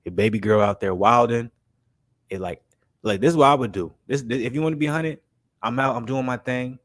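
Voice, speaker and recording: A man's voice: medium pitch, no echo. A young man hosting a live stream, chatting casually in slang and talking through made-up scenarios for his chat. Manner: laid-back, slangy, keeps saying "you know what I'm saying" and "man"; talks through made-up scenarios, voicing friends in quick quotes. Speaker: livestream basketball commentary host.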